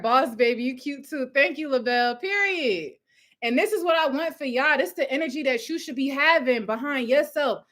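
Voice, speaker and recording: A young woman giving a loud, passionate motivational talk on a live stream, laughing often as she preaches. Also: high-pitched, animated, a little fast. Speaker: host of a live coaching stream. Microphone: phone or webcam at home with ring light.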